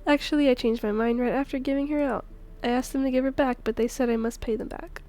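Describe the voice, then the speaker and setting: Woman streamer voicing a desperate young mother, high voice, self-pitying and resentful. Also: steady tone, quick pace, dark tone, natural voice. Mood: weary.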